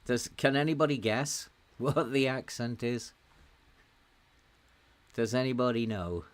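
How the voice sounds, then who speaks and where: A middle-aged man with a faint Welsh lilt talks unhurriedly, in an easy, chatty way. He laughs a lot between his words, and his voice sits at an ordinary pitch. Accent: softened Welsh, with some American words. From Wales. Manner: slow, chatty, laughs often while talking. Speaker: game streamer. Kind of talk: casual live-stream commentary.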